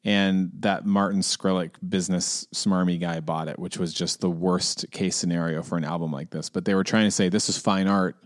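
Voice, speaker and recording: Low-voiced playful male podcast host. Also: steady tone, moderate pace, hardly any pauses. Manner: chatty, playful, laughs easily. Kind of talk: casual chat.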